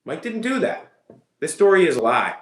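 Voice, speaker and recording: A man delivers reaction commentary with a sarcastic, mocking tone. His voice sits high and swings widely in pitch. The room around him rings with echo. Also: sing-song, moderate pace. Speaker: commentary host.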